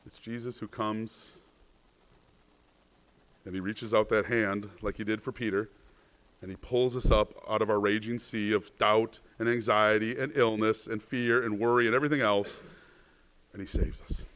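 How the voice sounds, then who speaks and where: A man preaching a sermon as a pastor, asking rhetorical questions, often adding "right?", and swinging between hushed and louder passages. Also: on the low side, fairly even intonation, moderate pace, clean tone. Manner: rhetorical questions, frequent "right?", stammered repeats.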